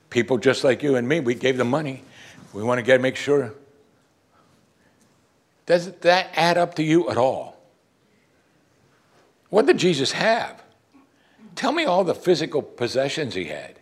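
A man preaching a sermon, asking rhetorical questions and reading scripture aloud. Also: breathy edge. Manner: animated, rhetorical questions, rises in pitch for emphasis.

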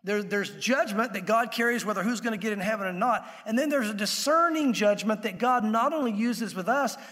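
A man's voice: high-pitched, brisk, fairly bright tone, big-room sound. A man preaching a sermon in a conversational way, acting out the voices he quotes. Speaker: pastor.

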